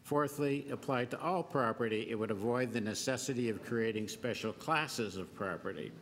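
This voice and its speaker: Man giving a formal deputation, measured. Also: mid-range voice, a bit bright. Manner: measured, enumerating points, reading quotations. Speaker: business association deputant. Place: large council chamber. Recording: long-reverb council chamber with faint noise.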